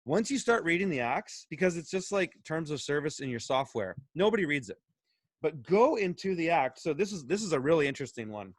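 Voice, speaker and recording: A man and farmer, talking in an animated, excited way, full of restarts and emphatic questions. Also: a little high, a little fast, no echo. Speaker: guest, urban farmer. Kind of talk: animated casual discussion.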